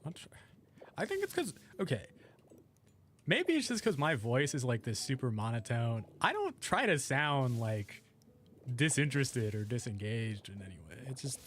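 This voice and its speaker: A man's voice: mid-range voice, fairly bright tone, a little hiss or hum. A young man streaming a game, rambling casually and chatting with his viewers as he plays. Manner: rambling, chats with viewers while playing.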